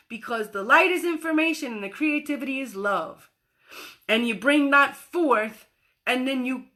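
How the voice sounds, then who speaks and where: A woman with a high, sharp voice gives a motivational spiritual talk on a livestream as a spiritual coach. She's expressive, repeats points emphatically, and acts out the voices she quotes.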